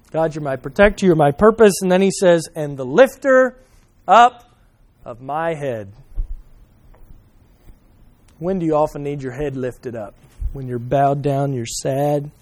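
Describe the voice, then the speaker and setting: Male pastor with a high voice, preaching with questions to the congregation, shifting between loud emphasis and soft asides. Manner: addresses listeners by name, asks questions; swings from loud emphasis to quiet, soft remarks. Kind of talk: sermon.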